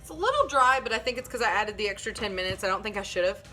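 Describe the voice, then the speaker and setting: Bright, chatty woman vlogging from home. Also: mid-range voice, lively intonation, fast talker, a little hiss or hum. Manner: chatty, upbeat, talks to viewers directly. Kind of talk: casual cooking vlog chat. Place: home kitchen.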